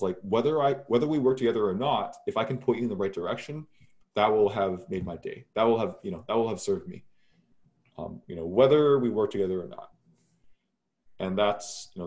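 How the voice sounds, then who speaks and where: A relaxed man with a somewhat low voice answers as a guest in a casual interview. He talks in loose, unhurried runs, full of fillers and restarts.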